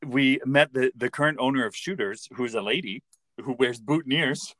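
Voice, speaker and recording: A male podcast host recaps a TV episode in casual conversation, his humor wry, playful, and mock-serious. His voice is mid-range and a bit bright, delivered at normal speed, with no room sound.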